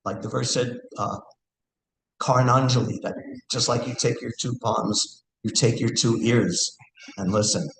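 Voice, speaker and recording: A man's voice: mid-range voice, fairly even intonation, unhurried, creaky. A man giving a scripture class in a temple hall, speaking earnestly and thinking aloud, with hesitations and recited verse. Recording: echoey room, faint background hiss.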